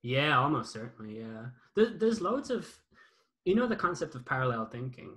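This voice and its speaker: A man's voice: medium pitch, very animated, normal speed, fairly bright tone. Young male podcast host, sweary and rambling, mid-range voice. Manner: sweary, rambling and self-mocking. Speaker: podcast host and former YouTuber. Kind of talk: casual podcast chat.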